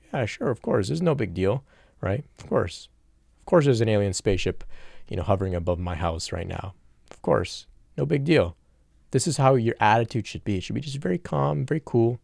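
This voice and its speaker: A man giving a calm, reassuring spiritual talk, repeating "of course" and checking in with "okay?". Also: fairly low pitch, gravelly, no room sound, clean studio sound. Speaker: spiritual teacher. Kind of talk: solo spiritual talk to camera.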